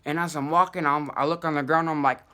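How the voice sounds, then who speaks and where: A young man telling a wild personal story in casual, profane slang, full of fillers and animated asides. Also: fairly high pitch, fast, clean tone.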